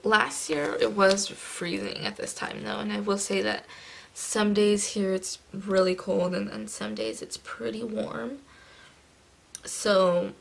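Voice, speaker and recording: Slow, gravelly young woman. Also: medium pitch, fairly even intonation, rough recording. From California. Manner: rambling, with many fillers, slipping into soft murmurs. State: groggy morning voice. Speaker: planner vlogger. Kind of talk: casual chat while decorating a planner.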